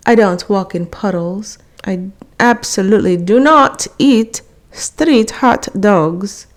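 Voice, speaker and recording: A woman's voice: mid-range voice, takes it slowly, close to an everyday voice. A woman voicing a snooty, world-weary female show poodle with a faint French lilt, in a storybook reading. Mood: haughty.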